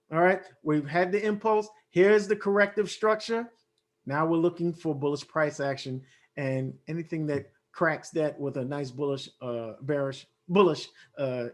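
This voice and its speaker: A man walking viewers through trading charts in a casual way, thinking aloud with many fillers and restarts, his voice worn from losing it. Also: a little high. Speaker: forex trading analyst.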